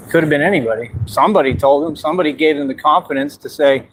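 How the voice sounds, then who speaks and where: A man's voice: fairly high pitch, fast, a little hiss or hum, rough recording. A man streaming live, talking casually and with energy to a rival who is not there. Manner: animated, talks to an absent rival. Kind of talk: casual livestream rant. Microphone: streaming mic.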